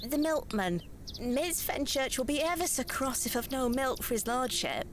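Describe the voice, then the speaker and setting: A woman's voice: sits high, animated, normal speed, slight background noise. An actress playing a worried young servant girl in an adventure game, speaking politely. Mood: anxious. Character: young servant girl waiting for milk, anxious.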